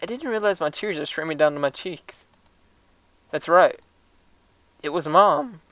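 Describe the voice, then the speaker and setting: A woman with a fairly low voice reads a visual novel's lines aloud, now and then stumbling and joking about it. The sound is dry and close, with dull, lo-fi quality. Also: lively intonation, a little slow, a bit bright, no room sound. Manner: self-mocking, stumbles over lines. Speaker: let's-play reader of a visual novel. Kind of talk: reading game dialogue aloud with commentary.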